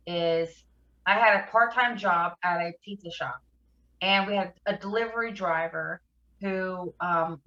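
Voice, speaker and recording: A woman, a podcast guest, recounting her past addiction in a halting, emotional way, fighting back tears. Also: on the low side, a bit bright, reverberant, highs cut off. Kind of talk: personal recovery story in an interview.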